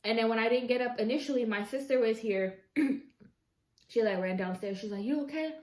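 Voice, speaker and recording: A woman telling a story casually while eating on camera at home, chatty and expressive, with slangy asides to her viewers. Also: fairly high pitch, fairly quick. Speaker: mukbang vlogger. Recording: echoey room.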